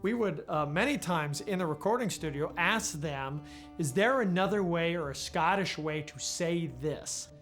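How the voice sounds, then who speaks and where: Guy explaining a film's making, kinda high voice, faint music behind. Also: normal speed, fairly bright tone. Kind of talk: behind-the-scenes interview.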